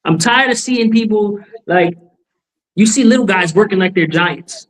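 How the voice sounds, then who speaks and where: A man's voice: sits high, normal speed, poor audio. A man on a podcast speaking emphatically and repeating his points. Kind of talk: casual podcast chat.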